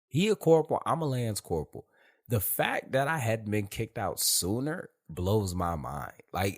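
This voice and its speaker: A man's voice: low voice, husky. A man telling profane stories from his time in the military in casual street slang. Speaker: host. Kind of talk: casual storytelling monologue.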